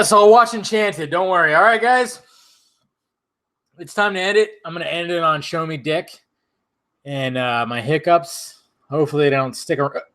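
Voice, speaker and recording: Guy with kinda high voice, hiccups, drinking and rambling, swears a lot. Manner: rambling, swearing, laughing, animated rants. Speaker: channel host. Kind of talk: casual drinking-stream chat.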